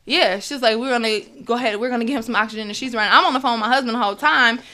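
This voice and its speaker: A woman's voice: on the high side, very fast. A young woman telling a personal story, acting out what everyone said in quotes. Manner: animated, acts out others' words in quotes. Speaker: guest.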